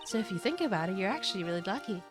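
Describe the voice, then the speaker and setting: A woman's voice: medium pitch, big pitch swings, rapid-fire, over music, natural voice. A woman voicing a playful, brash young woman animal tamer while reading game dialogue aloud. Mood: teasing.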